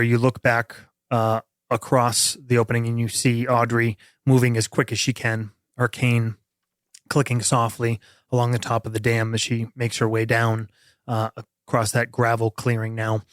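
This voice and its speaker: A man narrating a tabletop horror game as game master, steady and descriptive with frequent fillers. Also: medium pitch, measured pace, no room sound, clean studio sound.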